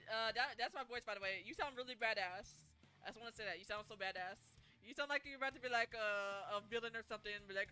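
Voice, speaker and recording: A woman streamer chats playfully over a story game, breaking into giggles and quick character impressions. Her voice sits high and bright, with music softly underneath. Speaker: variety streamer. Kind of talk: casual gameplay commentary.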